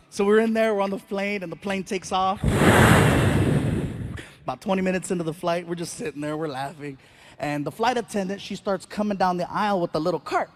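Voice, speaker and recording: A man doing stand-up, telling a story with animated delivery, acting out voices and shouting the punchlines. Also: high-pitched. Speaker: stand-up comedian.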